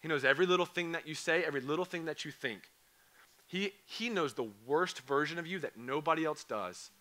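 Hoarse young guy preaching to kids at camp, sharp bright voice, keeps repeating himself. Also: a little high, a little fast. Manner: earnest, repeats phrases, emphatic questions to students. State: hoarse, voice going. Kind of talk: youth camp sermon. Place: church or camp hall.

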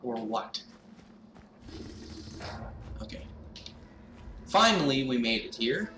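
A young man commentating his gameplay, swearing and breaking into panicked shouts. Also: mid-range voice, very animated, takes it slowly, recorded from a distance. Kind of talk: let's play commentary. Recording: roomy, off-mic, noisy background.

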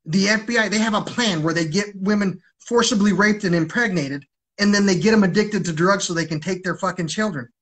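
A man's voice: sits high, brisk, fairly bright tone. A man ranting on a livestream in an agitated, rambling way, swearing heavily.

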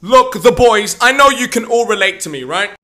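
A young man delivering a profane comedic rant, swearing constantly and bursting into shouts. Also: high voice, lively intonation, moderate pace. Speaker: comedy ranter.

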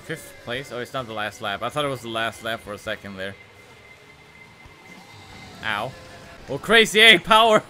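A man streaming a racing game, reacting out loud with yelps, groans and laughs as he plays. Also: fairly low pitch, normal speed, pauses often, faint music behind. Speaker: gaming streamer. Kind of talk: live game commentary.

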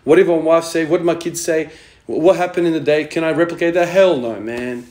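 In an echoey room, a thirtysomething male strength training vlogger delivers a blunt motivational rant full of profanity and emphasis, driving each point with "man" again and again. He talks fairly quickly in a slightly high voice with a darkish tone.

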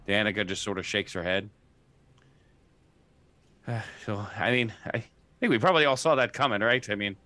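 Low-voiced game master, halting. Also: male voice. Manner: relaxed, halting, many restarts. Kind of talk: running a tabletop game.

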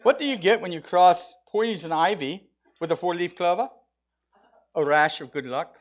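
A man's voice: high voice, normal speed, muffled recording, slight background noise. A man giving a folksy, conversational sermon in a church, mixing jokes with storytelling. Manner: folksy, conversational, with restarts and chuckles. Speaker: church speaker. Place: church sanctuary.

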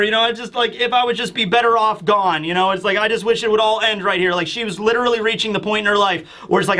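Excitable high-voiced male commentator. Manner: excitable, acting out character lines in quick bursts. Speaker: YouTube chapter reviewer. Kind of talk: casual commentary.

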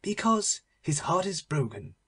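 A man's voice: on the high side, sing-song, a little slow, fairly bright tone, breathy edge, heavily acted. A man voicing a grave, courteous court official who speaks formally and solemnly.

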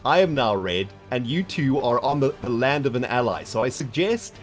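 A man with a mid-pitched voice that rises and falls freely as he puts on mock menace toward the other players. Quiet music plays behind him. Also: expressive, moderate pace. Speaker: fellow player. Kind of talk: in-character gaming banter.

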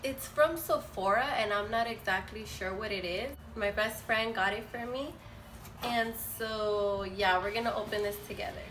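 A young woman vlogger, a bit sick, gushing excitedly to viewers as she unboxes a gift at home on her camera mic. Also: mid-range voice, normal speed, background noise. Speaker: beauty vlogger. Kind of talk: unboxing first impressions. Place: room at home with a window. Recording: echoey room, faint background music.

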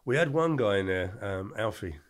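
An older man, telling colourful anecdotes as a podcast guest in an animated, slangy way. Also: fairly low pitch, normal speed. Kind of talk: storytelling interview.

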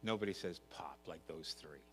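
A man's voice: low voice, moderate pace, soft background music. An older man, a pastor, preaching a sermon in a church, earnest and rising to emphatic repetition. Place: church sanctuary. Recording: long church reverb, faint hum.

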